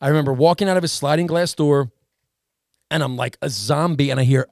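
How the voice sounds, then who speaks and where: A man with a gravelly, raised voice tells a story in casual podcast chat. He throws himself into it, acting out the other people's lines. The sound is dry and close, with no room around it. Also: fairly high pitch, fairly quick, no room sound. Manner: animated storyteller, acts out voices in quotes. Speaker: podcast co-host.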